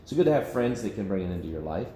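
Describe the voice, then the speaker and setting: Pastor, male, low voice, chatty Bible-study teaching, echoey room. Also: sing-song, racing, dark tone, slight background noise. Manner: conversational, self-interrupting, laughs often. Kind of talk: informal Bible study discussion. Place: church meeting room.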